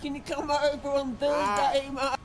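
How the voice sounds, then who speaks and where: A man's voice: extremely high pitch, monotone, moderate pace, a little hiss or hum. A man in a played comedy clip, hurling abusive, mocking banter. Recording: played clip with loud crowd.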